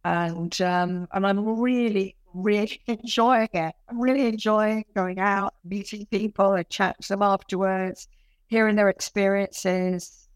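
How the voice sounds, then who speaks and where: A woman in her late fifties with a London accent, chatting as an interview guest in an animated, self-mocking way with many restarts. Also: medium pitch, unhurried, clear, resonant tone, dry recording, studio quality. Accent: London English. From London, England. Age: late 50s. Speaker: guest author and performer. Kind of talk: casual interview chat.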